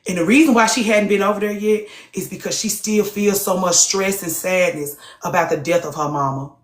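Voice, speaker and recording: A woman's voice: mid-range voice, brisk. Blunt, profane woman host, echoey sound. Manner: blunt and profane, rhetorical questions. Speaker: host of a live group talk. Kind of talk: casual heated talk to listeners.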